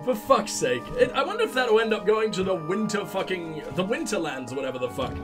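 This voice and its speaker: Sick, crude, high-voiced man narrating gameplay, faint music. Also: sing-song, brisk. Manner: crude, joking, heavy swearing. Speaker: let's play host. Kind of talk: gameplay commentary.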